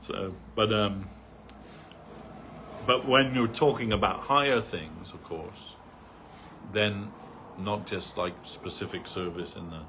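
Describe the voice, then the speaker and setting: A man's voice: on the low side, slow, pushed and bright, a little hiss or hum. A man giving a loose, anecdotal talk on a spiritual reading, full of "like" and "you know". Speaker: devotee speaker. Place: temple hall.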